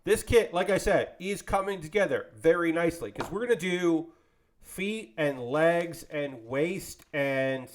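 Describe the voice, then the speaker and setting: A man chatting casually with his live-stream audience while building a model kit, rambling and joking as he goes. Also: a little high. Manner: rambling, animated, jokey, talks to chat.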